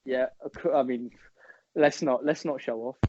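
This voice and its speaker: A young man, co-hosting a casual podcast chat with loud, slangy, swearing banter. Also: mid-range voice, steady tone, a little slow, slight background noise. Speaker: podcast co-host. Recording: dull lo-fi sound.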